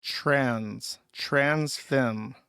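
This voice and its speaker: A man's voice: mid-range voice, very slow, gravelly, sharp tone, smooth, dry recording, studio quality. A man hosting a livestream, reading viewer messages aloud and answering them with blunt, profane, mocking commentary.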